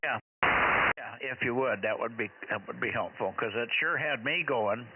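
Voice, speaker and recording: A man's voice: medium pitch, moderate pace. A man running a ham radio net, chatting casually and rambling with many fillers. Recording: tinny radio with hiss.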